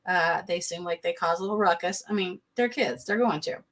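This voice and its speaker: Sassy woman recapping reality TV. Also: lowish voice. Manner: sassy, blunt, quick to laugh. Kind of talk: casual live-stream commentary.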